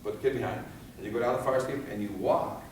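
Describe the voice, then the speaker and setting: A man giving a fire safety seminar, animated and firing rhetorical questions at his audience, recorded in a seminar room. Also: medium pitch, fast talker, slight background noise. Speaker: fire escape safety instructor. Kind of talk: seminar lecture. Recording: echoey hall from far off.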